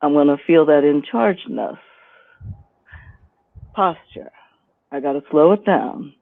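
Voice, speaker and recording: Over a dry, phone-like connection, a guest instructor teaches in an unhurried, low voice during a live-stream chat. She uses her own voice to demonstrate what she's explaining.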